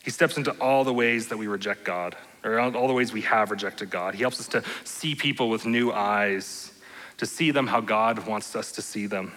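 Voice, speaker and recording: A man preaching a sermon as pastor, earnest and steady, often checking in with his listeners by asking "right?". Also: lowish voice, moderate pace, in a large hall, poor audio. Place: church sanctuary.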